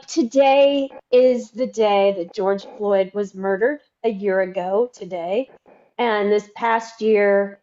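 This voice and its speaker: A woman with a Southern US accent, co-hosting a podcast over a video call in a casual, animated way. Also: on the high side, dull audio. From Nashville, US South. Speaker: podcast co-host. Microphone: remote video call.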